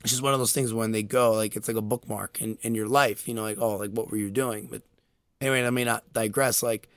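A man's voice: on the low side, fairly even intonation, fast talker, fairly bright tone, clean tone. A young man in casual chat, telling a story animatedly with lots of fillers and laughter. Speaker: podcast co-host.

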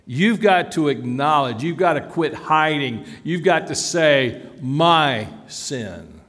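Slow-preaching man in a reverberant hall. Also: fairly high pitch, animated, a bit bright. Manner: earnest preaching, rising to emphatic declarations. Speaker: pastor. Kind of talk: sermon.

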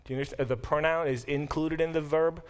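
A man teaching a Bible class as a professor, talking in an animated, self-deprecating way in a classroom, often restarting and adding asides. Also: fairly high pitch, fast talker, clean tone. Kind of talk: classroom lecture.

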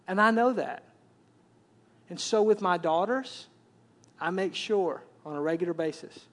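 A man's voice: high voice, animated, unhurried. A man, preaching a conversational sermon and repeating words as he builds up. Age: 40s. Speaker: pastor.

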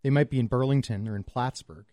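A man's voice: medium pitch, fast, dark tone, no room sound, clean studio sound. A man from Montreal co-hosting a casual sports chat, wry and teasing. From Montreal, Canada. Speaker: podcast co-host.

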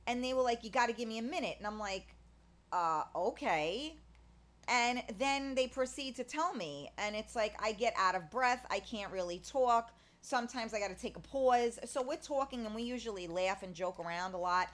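A woman's voice: on the high side, moderate pace, few pauses, a bit bright. A woman talking in a casual, rambling monologue, full of fillers and restarts, blunt and candid. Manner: candid, blunt, swears in passing.

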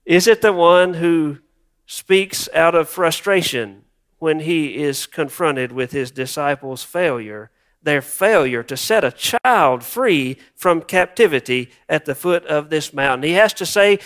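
A male pastor delivering a reflective sermon with touches of wry humor. His voice sits a little high. He leans on repetition to drive points home. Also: a little slow, a bit bright.

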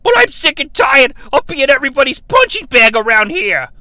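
A man doing a loud, brash wrestling boss from New York. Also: very high voice, very animated, moderate pace, no echo, voice pushed up, heavily acted, low-quality recording. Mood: ranting. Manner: ranting and shouting, self-pitying bluster.

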